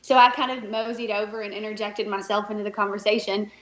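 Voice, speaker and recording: Animated woman telling a story, roomy sound. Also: medium pitch, fast talker. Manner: animated, laughs often, puts on voices when quoting. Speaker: podcast guest. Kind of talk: casual interview storytelling. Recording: roomy and dull, lo-fi.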